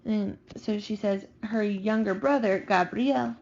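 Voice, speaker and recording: A woman teacher calmly talking students through vocabulary slides, slowing down on new words. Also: mid-range voice, lo-fi sound. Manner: patient, slows down for vocabulary. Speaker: Spanish teacher. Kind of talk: recorded classroom lesson over slides.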